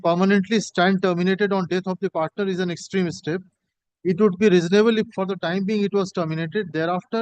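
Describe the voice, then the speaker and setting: A man arguing a case in a courtroom, halting and repeating "my lord" while reading from a judgment. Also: high-pitched, a little mellow, clean tone, no echo, rough recording. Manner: halting, addresses the bench as my lord in nearly every phrase; reads passages from a judgment aloud. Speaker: advocate arguing an appeal. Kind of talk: courtroom argument.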